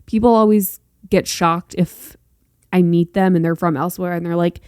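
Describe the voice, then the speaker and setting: A woman's voice: fairly low pitch, fairly even intonation, moderate pace, darkish tone, clear, resonant tone, dry recording, studio quality. A young woman from North Carolina hosting a solo podcast in a chatty, rambling way, with playful sassy asides. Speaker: podcast host. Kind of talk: casual solo podcast chat.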